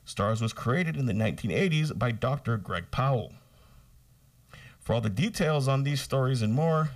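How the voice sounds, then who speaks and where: A man reading scripted local radio news in a steady, measured way. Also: medium pitch, creaky, recorded from a distance. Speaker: newsreader.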